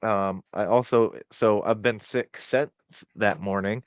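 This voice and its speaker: A man's voice: on the low side, fairly even intonation, takes it slowly, smooth, no room sound. A man hosting a live streamed chat show with a stuffy nose from a cold, talking in a laid-back way with many fillers and swear words. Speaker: podcast host. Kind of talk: casual chat. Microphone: webcam or desk mic on a live stream.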